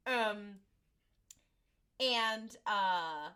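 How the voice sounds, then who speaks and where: Chatty, bright-voiced young woman. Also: fairly high pitch, unhurried. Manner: rambling, animated retelling with many fillers and quoted voices. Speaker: podcast co-host. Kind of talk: casual chat recapping an episode.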